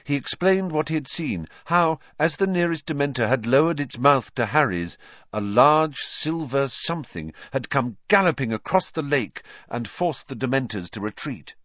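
With animated, expressive delivery, a man narrates an audiobook at normal speed, his mid-pitched voice rising and falling as he tells the story. The close, dry recording has no room sound and a somewhat muffled, dull high end.

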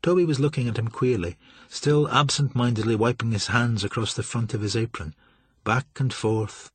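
A man reading a novel aloud in measured, steady scripted narration. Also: mid-range voice, slightly rough, no echo. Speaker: audiobook narrator.

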